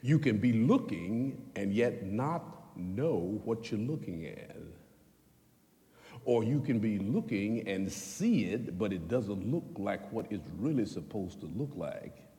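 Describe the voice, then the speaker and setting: A man preaching a sermon in a folksy, animated way, swinging between loud bursts and hushed asides. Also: fairly low pitch, takes it slowly. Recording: long hall reverb.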